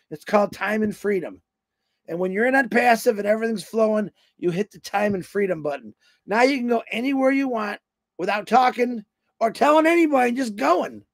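A motivational speaker in his fifties addresses a company livestream in a high, raspy voice with plenty of gravel. He rambles through folksy stories, acting out the voices of the people in them. The sound is dry and close, with no echo.

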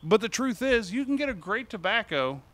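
Man, co-host, bright forceful voice, lively storyteller, casual chat. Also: sits high, normal speed. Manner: chatty storyteller, lively and enthusiastic. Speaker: podcast co-host. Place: bar or taproom.

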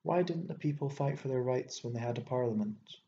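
A man with an Irish accent voicing a hot-tempered, bitter old landowner who wheezes and bursts into scornful shouting, on a dull recording with faint hiss. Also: mid-range voice, a little fast, close to an everyday voice. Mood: contemptuous.

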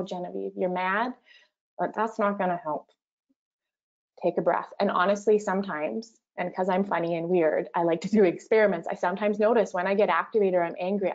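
A woman leading an online workshop, speaking gently and encouragingly as she guides a mindfulness practice. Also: medium pitch, lo-fi sound. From Canada. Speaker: workshop facilitator.

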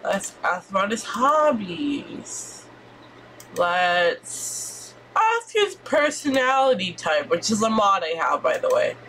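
A woman streamer giving excitable let's-play commentary, squealing and swearing as she reacts. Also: medium pitch, takes it slowly, slight background noise.

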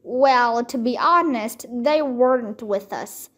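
A woman's voice: fairly high pitch, slow. Woman doing an eager, chatty little girl. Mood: flustered. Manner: bright, chatty, excited. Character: cheerful eager young girl.

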